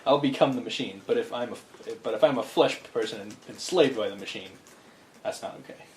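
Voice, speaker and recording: At a brisk clip and medium pitch, the podcast co-host rambles eagerly through casual chat, frequently starting his thoughts over. There's a little hiss or hum, and the echoey room carries faint ambience.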